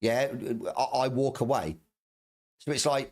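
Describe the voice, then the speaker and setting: A middle-aged man vents on his stream in a heated, profane rant. He stumbles, restarts and repeats phrases as his temper climbs, with an average-pitched voice. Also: expressive, a little slow, a little mellow. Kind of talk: angry ranting commentary.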